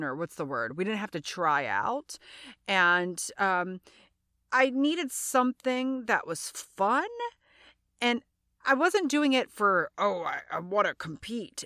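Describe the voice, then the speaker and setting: Chatty woman podcaster with a lowish voice. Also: fairly bright tone, no echo, clean studio sound. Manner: chatty, rambling, self-deprecating asides. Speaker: podcast host. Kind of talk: casual solo storytelling.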